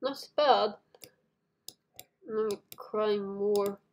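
A woman's voice: medium pitch, very slow, darkish tone. A woman hosting a casual gameplay video, chatting to viewers and giggling often as she plays. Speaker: gaming video host.

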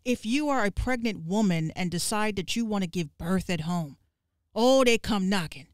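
A woman podcast host ranting on a livestream, profane and fiery, with quick asides to her viewers. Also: medium pitch, animated, no echo, clean studio sound. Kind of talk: livestream rant.

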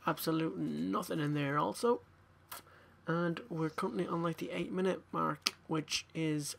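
A man's voice: a little high, steady tone, measured pace, gravelly, a bit bright, a little hiss or hum. Sweary young man muttering. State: tired, yawning. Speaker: gaming YouTuber. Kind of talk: pack-opening commentary.

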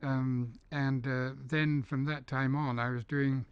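An older man from the north of England, speaking with a neutralized mid-Atlantic English accent, tells stories as an interviewee; he founded a dubbing studio. The relaxed, anecdotal talk is hesitant, full of ums and restarts, in a mid-range voice that is flat, slow and smooth. The recording is dull, dry and lo-fi.

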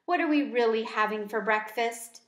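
A woman's voice: on the high side, moderate pace, fairly bright tone, roomy sound, natural voice. Woman reading as a sweet young girl. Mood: earnest.

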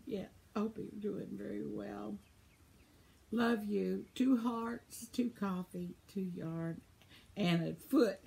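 A woman in her seventies chats casually as she reads viewer comments, laughing often. Her voice is gravelly and a little worn, as if she is losing it. She talks slowly and unhurriedly. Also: mid-range voice, a little mellow. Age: 70s. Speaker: vlogger reading viewer comments. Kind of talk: casual chat.

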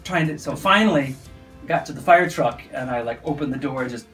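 Middle-aged American man, storytelling teacher type, lively and animated, soft guitar faintly behind. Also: medium pitch, fairly quick. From United States. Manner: animated, acts out sounds and voices in his stories. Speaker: university English teacher. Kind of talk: casual storytelling.

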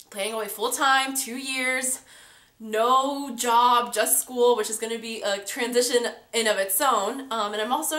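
A woman's voice: on the high side, sharp tone. A woman in her twenties with a stuffy, nasal voice from a cold, chatting casually to her viewers as a beauty vlogger, with lots of fillers. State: congested from a cold. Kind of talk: casual chat to camera. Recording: roomy echo.

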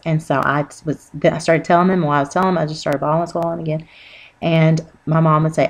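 A woman telling an earnest, rambling personal religious testimony with many pauses and fillers. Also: low voice, fairly even intonation. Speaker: Christian testimony speaker.

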